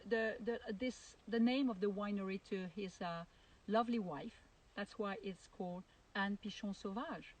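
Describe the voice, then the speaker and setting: A woman with a French accent giving a casual video tour of her vineyard, speaking haltingly with many fillers and restarts. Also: mid-range voice. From France. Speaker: winemaker. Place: outdoors at a vineyard.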